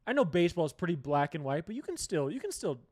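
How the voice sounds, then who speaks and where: A man's voice: a little high, big pitch swings, fast, a little mellow. A young man hosting a sports show, giving rambling, opinionated and profane picks in casual chat. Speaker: sports podcast host.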